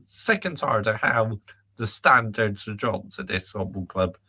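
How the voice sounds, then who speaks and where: Male football host, lowish bright voice, exasperated live-chat ranter. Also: animated, measured pace, slightly rough. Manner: exasperated, reads out viewer comments and answers them. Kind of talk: live chat reaction rant.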